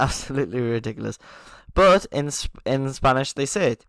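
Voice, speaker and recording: A male language teacher with a gravelly, creaky voice, recorded dry and close. He explains things patiently to beginners, keeps checking in with "okay?" and chuckles at his own asides. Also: medium pitch, moderate pace, no echo. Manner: chuckles at himself.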